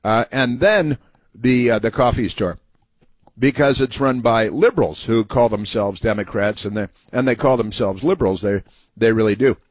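A man's voice: medium pitch, normal speed, husky, dry recording. A man hosting a political talk show, rambling and sarcastic, with many fillers and asides. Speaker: radio talk host.

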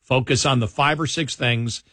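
Man, political talk host, emphatic, repeats himself, dry close mic, mid pitch. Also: fairly even intonation, moderate pace, bright, forceful tone, no room sound. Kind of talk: conversational political commentary.

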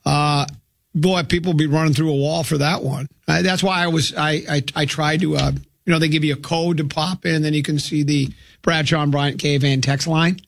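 A man's voice: a little high, steady tone, normal speed, gravelly, dry recording. A man hosting sports talk radio, rambling and joking casually about games.

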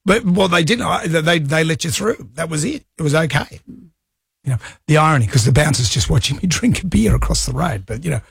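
A man's voice: on the high side, animated, brisk, creaky, slightly rough, no echo, studio quality. A middle-aged Australian man hosting a radio show, telling a rambling story in casual banter and laughing at himself. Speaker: radio host. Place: radio studio. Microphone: studio microphone.

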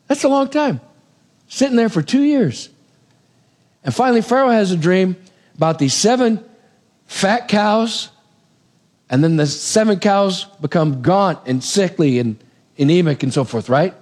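A man preaching a sermon, retelling a Bible story in a casual, animated way with asides to the congregation. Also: high-pitched, normal speed, pauses often.

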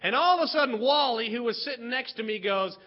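A man performing a story to an audience, animated, with dramatic build-ups and sudden shouts. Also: extremely high pitch, fast talker, very noisy. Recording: dull lo-fi recording.

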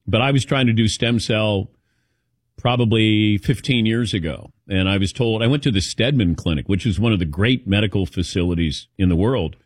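A man's voice: fairly low pitch, normal speed, dry recording, studio quality. A man hosting a casual chat show, telling rambling personal stories. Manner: rambling anecdotal storytelling. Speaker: host.

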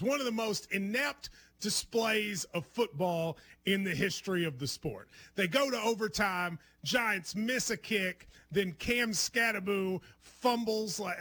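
A man's voice: high-pitched, sharp tone. A man from Kentucky hosting a sports radio show and podcast, chatting casually and joking with his co-host. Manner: joking, teasing, loose.

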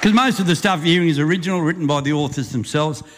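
An older Australian man, a bush poet and compere, reciting a rhyming yarn with a lively rhythm and chuckles before chatting to a live audience. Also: fairly high pitch, racing, noisy background. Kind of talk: recited rhyming bush poem, then stage banter. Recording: live stage recording with long reverb.

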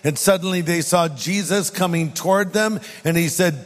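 A man, a pastor, preaching a sermon and reading scripture aloud with emphatic pauses. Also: high voice, faint music behind. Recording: long hall reverb.

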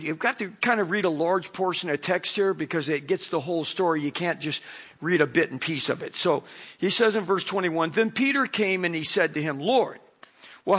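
A man's voice: high-pitched, slightly rough. A middle-aged man preaching a sermon as pastor, talking in a loose conversational way and acting out little stories. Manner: conversational, animated storytelling with acted voices.

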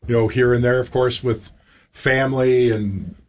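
A man's voice: medium pitch, steady tone, normal speed, darkish tone. Casual middle-aged man telling stories. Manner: casual, chatty, with filler words. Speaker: interview guest, veteran. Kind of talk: interview conversation.

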